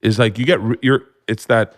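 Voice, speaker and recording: A man in his forties, a comedian guest, telling stories in casual chat with animated, excited bursts. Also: brisk. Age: 40s. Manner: animated storyteller, jumps to high excited voices when acting out scenes. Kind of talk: casual storytelling.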